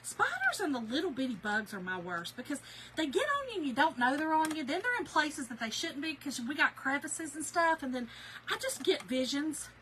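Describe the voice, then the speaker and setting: A woman's voice: high-pitched, fairly quick, slight background noise, low-quality recording. A woman, chatting casually with her livestream viewers from home and telling stories with lots of laughter. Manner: chatty, animated storyteller, laughs often. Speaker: craft channel host.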